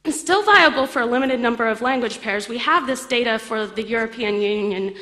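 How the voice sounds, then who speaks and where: A woman with a bright, fairly high voice walks an audience through a technical talk. She explains things casually, with fillers and the odd light laugh. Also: fairly quick. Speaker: conference speaker. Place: lecture hall.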